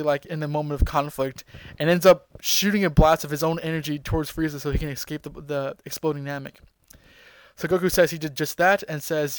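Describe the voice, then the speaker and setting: A man hosting a podcast, recapping an episode in an excited, rambling way with lots of fillers and restarts. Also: fairly high pitch, moderate pace, clear, resonant tone, no echo, poor audio. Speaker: podcast host.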